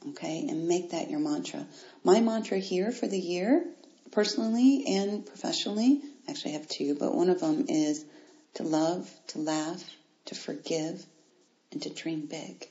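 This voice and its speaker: A woman hosting a motivational podcast, speaking directly and encouragingly to her listeners in an animated way. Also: lowish voice. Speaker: podcast host. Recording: roomy, dull lo-fi sound.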